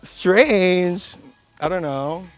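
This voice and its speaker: A man's voice: sits high, extremely slow, soft background music. A man of Cuban heritage, a drag queen contestant, talking playfully and gushing in a confessional interview.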